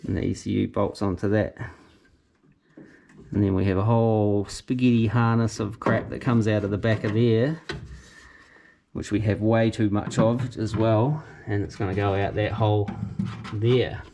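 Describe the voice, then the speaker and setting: Recorded through a handheld camera mic, this car restoration vlogger with a New Zealand accent works in his garage, casually musing aloud and fixing his own slips. His voice is on the low side, gravelly and mellow, steady in tone and moderate in pace, with a faint hiss or hum.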